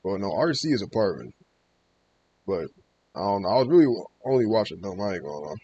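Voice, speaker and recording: A man's voice: fairly low pitch, big pitch swings, fast, warm tone, muffled recording, slight background noise. A man hosting a reaction video, chatting casually in a loose, slangy way and often hedging his words. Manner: loose, slangy, hedging with "I ain't gonna lie".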